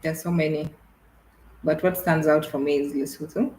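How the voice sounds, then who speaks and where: A woman from Kenya co-hosting a travel livestream, calmly chatting and reading viewer comments aloud. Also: sits low, moderate pace, reverberant, a little hiss or hum, poor audio. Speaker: travel vlogger co-host. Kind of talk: casual livestream chat.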